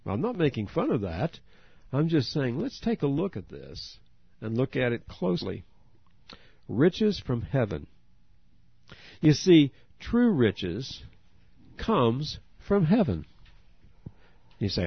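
Man, preacher, sermon, animated pitch, earnest, dry dull recording. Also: slow pace, vocal fry, pauses often, slightly rough, dry recording. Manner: earnest, addresses listeners directly with questions.

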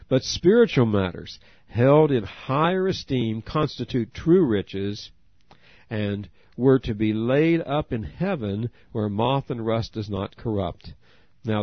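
A man's voice: mid-range voice, dry recording. A man preaching a sermon, earnest, asking his listeners direct questions. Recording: dry, dull lo-fi audio.

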